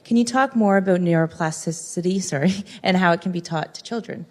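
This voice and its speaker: Low-voiced woman moderating an event. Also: brisk, darkish tone. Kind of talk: moderating a live Q&A. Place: event room with teachers.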